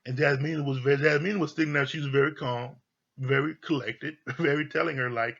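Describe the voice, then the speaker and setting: Raspy guy ranting through a tv recap, cusses a lot, kinda muffled lo-fi sound. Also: medium pitch, a little fast. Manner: blunt, swears freely, animated retelling. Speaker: TV show reviewer. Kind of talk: casual recap commentary.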